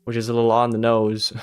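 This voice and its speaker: A man's voice: mid-range voice, monotone, brisk, a little mellow, clean tone, no echo. A Swedish man with American-style English, Swedish his first language, chatting casually and rambling as he streams a game, swearing and laughing often. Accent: American-style English learned as a second language. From Sweden. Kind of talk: casual commentary while gaming.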